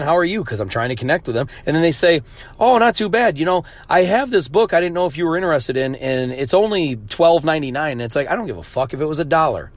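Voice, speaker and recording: A man hosting a solo podcast, talking in a blunt, profane, ranting way. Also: medium pitch. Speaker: podcast host. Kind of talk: casual monologue.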